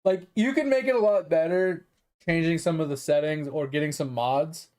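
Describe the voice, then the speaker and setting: A man's voice: fairly high pitch, moderate pace, darkish tone. Rambling male gaming streamer. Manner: rambling, heavy use of "like" and "um" fillers; swears casually. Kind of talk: casual live-stream chat while gaming.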